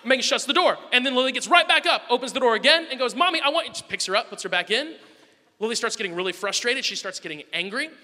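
A man preaching a sermon, telling a family story with animated swings between loud bursts and soft asides. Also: very high-pitched, quick pace, long reverb tail. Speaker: pastor.

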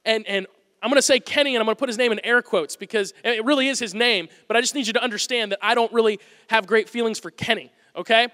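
A man's voice: extremely high pitch, quick pace, pushed and bright, in a large hall. A man in his thirties preaching a sermon to a congregation, telling stories about himself with humor. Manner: storytelling, self-deprecating humor with the congregation. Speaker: pastor.

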